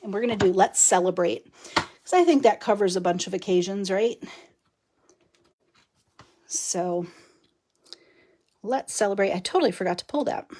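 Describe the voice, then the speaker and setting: A woman's voice: mid-range voice, moderate pace, pauses often, darkish tone, a little hiss or hum. Middle-aged woman, live craft demo host, easygoing and chatty, laughs between steps. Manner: chatty, laughs often, talks while working. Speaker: card-making demonstrator.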